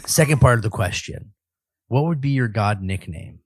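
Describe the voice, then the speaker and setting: Nasal man with a lively voice. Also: fairly low pitch, normal speed, no echo. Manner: playful, teasing. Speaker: podcast co-host. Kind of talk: casual chat.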